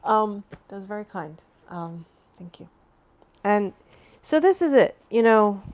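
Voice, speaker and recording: A woman's voice: medium pitch, expressive, measured pace, a little mellow. A woman hosting a casual live stream from home, rambling and chatting as she answers viewer comments, laughing often between phrases.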